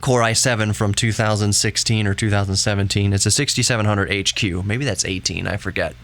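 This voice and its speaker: A man's voice: on the low side, steady tone, fairly quick, a bit bright, slight background noise. A man in his thirties hosting a solo podcast from home, rambling casually and laughing easily. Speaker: podcast host. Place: home room with laptop running.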